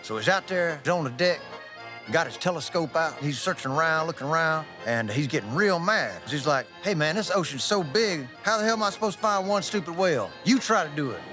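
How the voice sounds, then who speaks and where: Male actor as washed-up cowboy spokesman, drawling and folksy, slightly high. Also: lively intonation, a little fast, music in the background, close to an everyday voice. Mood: rambling. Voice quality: drawling, folksy, keeps saying "man". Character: folksy laid-back former cowboy pitchman, middle-aged man. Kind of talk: comedic ad acting.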